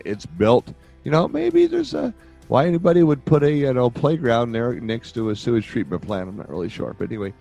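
A man's voice: medium pitch, darkish tone, dry recording. An older man hosting a podcast, giving relationship advice in a rambling, joking way that keeps wandering off on tangents. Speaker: podcast host. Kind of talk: casual advice monologue.

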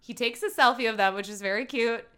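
A woman with a high, bright and forceful voice co-hosts a podcast. She chats casually through an episode recap and laughs easily. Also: fast, clean tone. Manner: chatty, laughs often. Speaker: podcast co-host.

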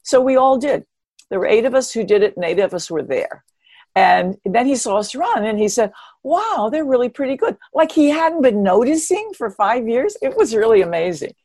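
A woman in her seventies, an interview guest and former marathon runner, telling stories in an animated, expressive way with wry humor. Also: a little high, normal speed, no echo. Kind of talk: conversational storytelling.

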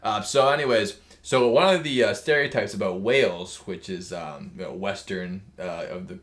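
A man's voice: on the low side, moderate pace, a bit bright. A man co-hosting a casual podcast, cracking crude jokes and spinning long asides. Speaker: podcast co-host.

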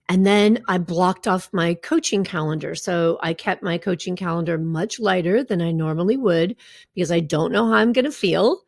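Gravelly-voiced woman coach, candid talk. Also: on the low side, dry recording, clean studio sound. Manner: warm, candid, conversational with asides and laughs. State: recovering from a draining treatment. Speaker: health coach. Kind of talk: casual personal talk to followers.

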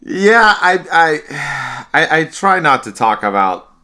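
A man hosting a casual sports podcast, speaking in a relaxed way with frequent restarts and repeated words. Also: a little high, slow, slight background noise. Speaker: podcast host.

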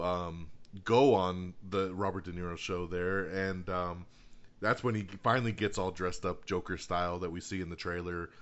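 A man with a lowish voice chatting casually and retelling a film scene by scene. He gets worked up, acts out the quotes and laughs as he goes. The recording is dull and lo-fi. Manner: animated storyteller, acts out quotes, laughs often, swears. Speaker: podcast co-host reviewing a film. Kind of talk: casual chat.

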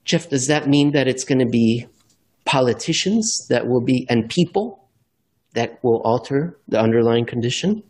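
A man's voice: medium pitch, expressive, normal speed, a little mellow. A man hosting a podcast, asking his guest questions with a wry turn. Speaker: podcast host. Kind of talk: podcast interview.

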